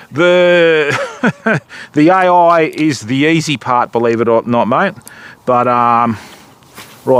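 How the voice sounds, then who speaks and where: A middle-aged Australian man chatting casually to viewers on a livestream while fishing from a kayak on a river, calling people mate and bud. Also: fairly high pitch.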